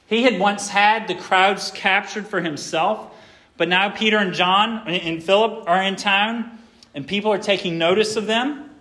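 Pastor preaching, gets loud then drops quiet, kinda high voice for a guy. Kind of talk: sermon.

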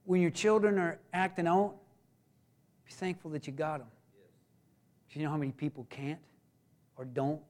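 A man, a pastor, preaching a sermon in a folksy way with joking asides, swinging between emphatic raised lines and hushed quiet ones. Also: fairly high pitch, flat delivery, moderate pace, pauses often.

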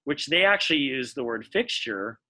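A man's voice: medium pitch, animated, moderate pace, pushed and bright. An American man co-hosting a podcast, explaining things at length in casual chat while thinking aloud. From United States. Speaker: podcast co-host.

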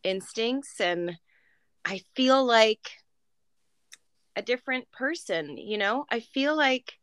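Bright, smooth woman, reflective. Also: a little high, expressive, takes it slowly, no echo. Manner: reflective, open, hesitant with fillers. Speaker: podcast co-host. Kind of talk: casual chat.

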